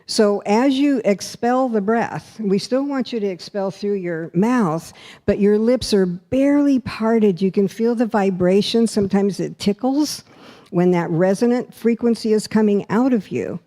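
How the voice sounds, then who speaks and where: A woman's voice: mid-range voice, measured pace, mellow. A woman minister giving a demonstrative talk that guides a congregation through breathing. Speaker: spiritual center minister.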